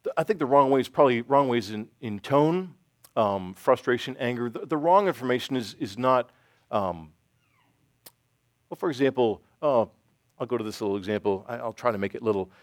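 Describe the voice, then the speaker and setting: A middle-aged man giving an informal church talk with audience questions, self-deprecating and halting, with many restarts. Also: medium pitch, expressive, no room sound, clean studio sound. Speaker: church teacher. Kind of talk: informal sermon with Q&A.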